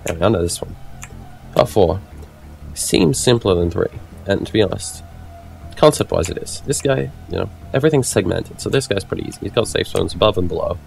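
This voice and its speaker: A man with a low, gravelly voice talks through a video game run, explaining his tactics in a casual tone. His delivery swings up and down a lot. Game music plays clearly behind him. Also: expressive, fairly quick, darkish tone. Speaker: gameplay commentator. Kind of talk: let's play commentary.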